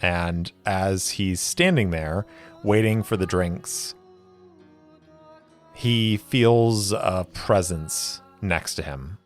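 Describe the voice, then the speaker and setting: Male game master with a deep, unhurried voice, narrating solo play deliberately. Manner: measured, deliberate storytelling. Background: faint music.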